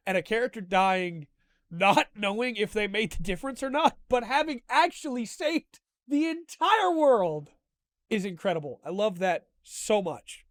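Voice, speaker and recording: Emotional high-voiced male reviewer. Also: no room sound. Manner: enthusiastic, openly emotional fan retelling. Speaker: host. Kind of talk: casual review monologue.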